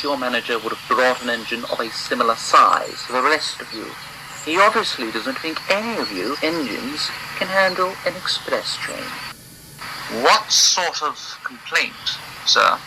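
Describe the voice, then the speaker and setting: A man's voice: mid-range voice, noisy background, close to an everyday voice. An actor playing a haughty, pompous male express engine in a cartoon series, speaking in clipped tones.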